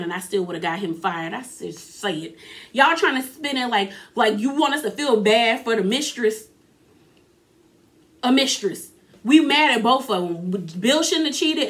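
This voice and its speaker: Sassy woman recapping reality TV. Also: high-pitched. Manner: animated, sassy, acts out quotes in her own voice. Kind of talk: casual recap monologue.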